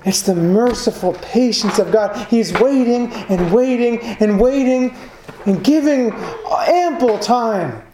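A man's voice: very high-pitched, slow, mellow. A man preaching a sermon, earnest and building emphasis through repetition. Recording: echoey room, faint background noise.

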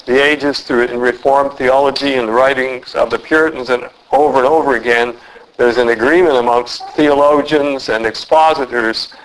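Male preacher, mid pitch, deliberate sermon delivery with slow emphatic phrases, faint background hiss. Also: fairly even intonation, rough recording. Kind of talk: expository sermon.

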